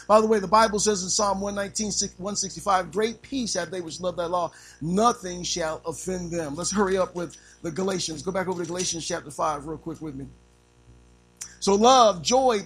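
A man preaching a sermon, animated, using call-and-response and acting out little scenes. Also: high-pitched, poor audio. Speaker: pastor.

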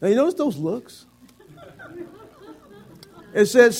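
Gravelly high-voiced preacher. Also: male voice, expressive, normal speed, darkish tone. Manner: playful, acts out voices of reluctant givers. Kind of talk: sermon with a live object lesson.

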